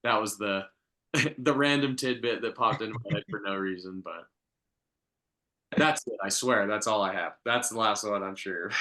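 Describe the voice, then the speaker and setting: A man's voice: lowish voice, expressive, moderate pace, pauses often, pushed and bright. A man co-hosting a podcast, chatting casually in a rambling way full of fillers and chuckles. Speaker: podcast co-host. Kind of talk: casual review chat.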